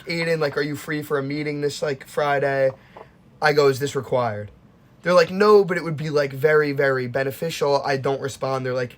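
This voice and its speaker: Animated young guy telling stories. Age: young adult. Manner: animated, swings high when quoting himself. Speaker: podcast host. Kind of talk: casual storytelling chat.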